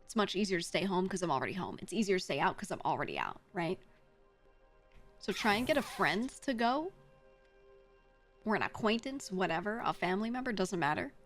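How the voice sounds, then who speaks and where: A woman's voice: fairly low pitch, big pitch swings, fairly quick, pauses often, fairly bright tone, soft background music. A woman streamer chatting casually with her chat, giving blunt, frank advice with some swearing. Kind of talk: casual livestream chat, answering chat.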